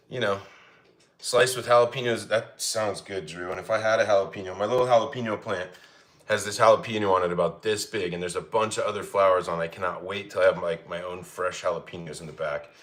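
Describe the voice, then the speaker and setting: A man's voice: deep voice, a bit bright. A man from Colorado casually chatting with his livestream chat while he cooks, reading out and answering the comments. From Colorado, United States. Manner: chatty, reads chat comments aloud, easygoing. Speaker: livestream cooking host.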